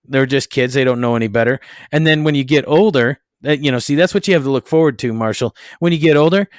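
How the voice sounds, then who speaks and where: A man's voice: medium pitch, fast, dry recording. Male podcast co-host, casual chatty delivery with frequent laughs, dry close recording. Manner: chatty, laughs often, repeats himself. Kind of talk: casual chat.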